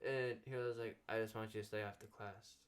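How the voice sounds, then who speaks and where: A young man hosting a relaxed chat show, winding through a story and slipping into the voices of the people in it. He leans on fillers and restarts as he talks. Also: fairly low pitch, brisk. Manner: rambling anecdote full of "like" fillers, acting out quoted dialogue. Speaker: podcast host.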